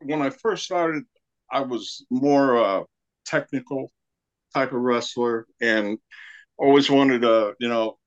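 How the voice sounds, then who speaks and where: A man, a guest on a podcast, reminiscing in a relaxed casual chat with some hesitations. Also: medium pitch, slow, lo-fi sound.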